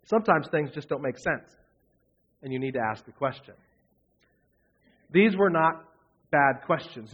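Earnest man preaching, slightly high voice. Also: fairly bright tone, dull audio. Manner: earnest, repeats phrases for emphasis. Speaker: pastor. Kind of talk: sermon.

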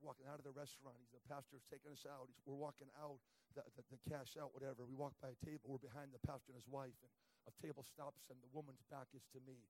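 A man preaching a sermon as a story, animated and shouting in acted-out rants, with stammering restarts. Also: mid-range voice, fast, poor audio.

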